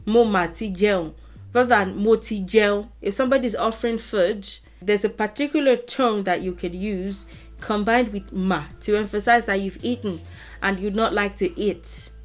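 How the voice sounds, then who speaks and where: A woman giving a casual language lesson to camera. She speaks deliberately, repeats example phrases with stretched emphasis and laughs lightly between points. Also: medium pitch, soft background music. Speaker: language teacher.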